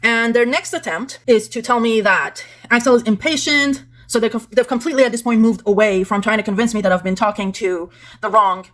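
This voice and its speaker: Fast-talking, indignant woman vlogger. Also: fairly high pitch, a bit bright. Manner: indignant, exasperated; conversational, with fillers like "like" and "blah, blah". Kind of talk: casual talk-through of screenshots.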